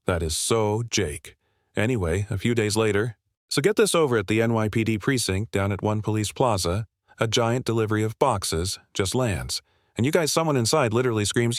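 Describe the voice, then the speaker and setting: Low-voiced gossipy recap narrator, man. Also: moderate pace, no echo, studio quality. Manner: breathless, gossipy, heavy slang. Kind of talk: slangy scripted story recap.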